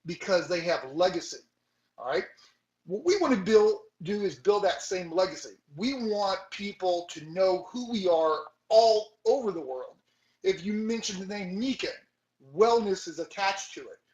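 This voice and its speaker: A man giving an energetic motivational talk as a sales team leader, exhorting his listeners with rhetorical questions. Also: high-pitched, echoey room, rough recording.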